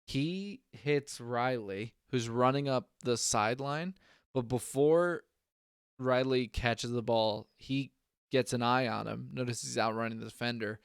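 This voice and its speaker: A young man co-hosts a sports podcast in an easygoing way. His voice has a gravelly edge, and the sound is dry and close with little room. He laughs often as he recaps plays. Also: mid-range voice, a little slow, no echo. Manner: laid-back, laughs often. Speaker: podcast co-host. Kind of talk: casual sports chat.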